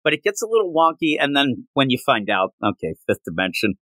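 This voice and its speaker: Brief: lively male comics podcaster, bright tone, jokey riffing, dry close mic. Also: medium pitch, brisk, dry recording. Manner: animated, jokey, puts on silly voices while riffing. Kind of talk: casual chat.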